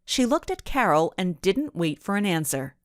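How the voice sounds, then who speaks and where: A woman narrating a children's storybook in an expressive, measured way. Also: fairly low pitch, no echo, clean studio sound. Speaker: audiobook narrator.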